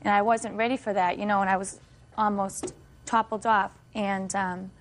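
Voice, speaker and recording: Middle-aged woman, court defendant, even flat delivery, detailed storytelling. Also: mid-range voice, moderate pace, slight background noise. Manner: long, detailed storytelling with fillers. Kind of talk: courtroom testimony.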